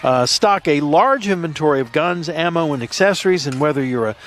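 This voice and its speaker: An easygoing man with a fairly high voice calls a night parade live. He reads sponsor ads in a folksy way, with small stumbles and laughs. Faint vehicle noise sits behind him. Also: expressive, fairly quick, a bit bright. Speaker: parade commentator. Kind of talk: live event commentary, reading sponsor blurbs. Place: outdoors at a street parade at night.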